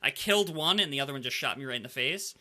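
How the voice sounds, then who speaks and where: A man hosting a casual gaming podcast, telling animated stories and filling his talk with "like". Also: mid-range voice, fast talker. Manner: animated storyteller, heavy use of "like". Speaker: podcast host.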